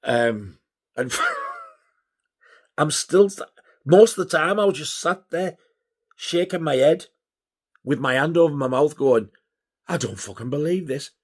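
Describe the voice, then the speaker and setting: A man telling an excited personal story, swearing freely and acting out what people said. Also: on the high side, slow, long pauses. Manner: animated, swears a lot, acts out quotes. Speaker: YouTuber.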